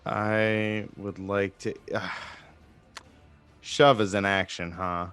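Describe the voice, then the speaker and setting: A man playing a tabletop game, relaxed and swearing casually. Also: fairly low pitch, takes it slowly, clear, resonant tone, soft background music. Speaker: player.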